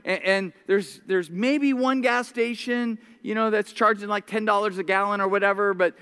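Male pastor, high bright voice, animated storytelling sermon, stumbles over his openings. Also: normal speed, smooth. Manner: repeats words when starting sentences.

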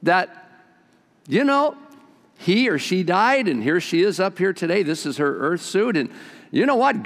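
An older man preaching a sermon as pastor, folksy and animated as he tells stories to his congregation. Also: high-pitched, vocal fry, in a large hall.

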